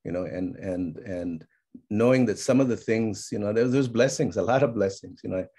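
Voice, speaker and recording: A middle-aged man telling family stories in a reflective conversation, slipping Spanish phrases in among many fillers and growing animated as he goes. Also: on the low side, normal speed, breathy edge. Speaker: speaker sharing his life's work.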